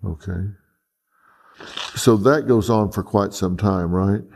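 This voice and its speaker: A man interviewing calmly, asking probing questions and repeating answers back. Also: on the low side, takes it slowly, gravelly.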